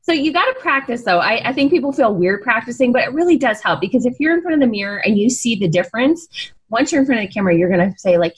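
A woman's voice: fairly high pitch, big pitch swings, fast talker, breathy edge, rough recording. A woman photographer giving practical, upbeat posing advice in a casual interview, laughing now and then. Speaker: photographer guest.

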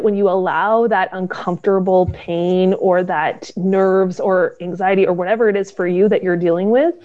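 A woman's voice: mid-range voice, mellow. A woman co-hosting a podcast, talking in a thoughtful, heartfelt, conversational way. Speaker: podcast co-host. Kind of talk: casual podcast chat. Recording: dull lo-fi audio.

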